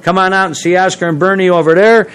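A man's voice: sits high, fairly even intonation, quick pace, fairly bright tone, clear, resonant tone. A man hosting a radio show, reading sponsor plugs in a loose, rambling way with many fillers. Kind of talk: casual radio talk and sponsor reads.

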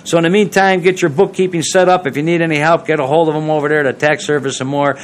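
A man's voice: fairly high pitch, steady tone, fast. A man hosting a radio show, reading sponsor plugs in a loose, rambling way with many fillers. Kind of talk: casual radio talk and sponsor reads.

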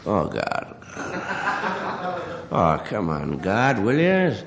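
A man doing a stand-up telephone monologue as a hungover caller, stammering and halting with many pauses and uh's. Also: fairly low pitch, huge pitch swings, a little hiss or hum. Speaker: comedian. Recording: live stage recording, long reverb, audience laughter. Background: audience laughter.

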